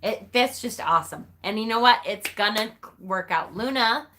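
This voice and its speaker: A woman's voice: mid-range voice, lively intonation, moderate pace, a bit bright. A woman hosting a casual livestream, chatting with viewers, answering their comments by name and calling them honey in an effusive, emotional way. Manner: gushing, emotional. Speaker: livestream host. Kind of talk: casual live chat with viewers.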